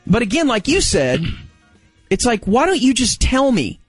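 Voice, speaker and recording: A man in his forties telling a story in casual chat, acting out the quotes with big jumps in pitch. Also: wildly swooping pitch, moderate pace, slightly rough, no room sound, faint music behind.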